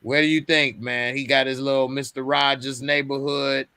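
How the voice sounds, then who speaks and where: A man's voice: mid-range voice, little pitch movement, moderate pace, sharp tone, clean tone, dry recording. A man hosting a casual TV recap livestream, laid-back and slangy, laughing often. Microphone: webcam on a video livestream.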